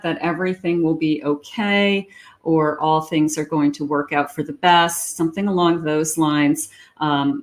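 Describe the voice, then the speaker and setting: A woman reading tarot cards aloud in a chatty, reassuring way, thinking out loud as she goes. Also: low-pitched. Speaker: psychic tarot reader.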